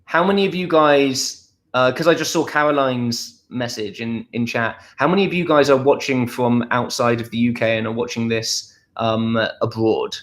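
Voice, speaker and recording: Young male streamer, playful and self-mocking, mid-pitched, reading chat from home. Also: steady tone, moderate pace. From Essex, England. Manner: chatty, playful and self-deprecating. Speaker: livestream host. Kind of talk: casual livestream chat reading viewer comments. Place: at home, indoors.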